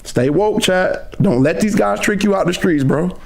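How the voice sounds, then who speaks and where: A middle-aged man hosts a live gaming stream and goes on a loud, confrontational rant full of trash talk. His voice sits a little high. His pitch leaps up and down with every jab. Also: expressive, moderate pace, gravelly. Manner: loud, aggressive trash talk, calls the other player "son". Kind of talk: heated live reaction rant.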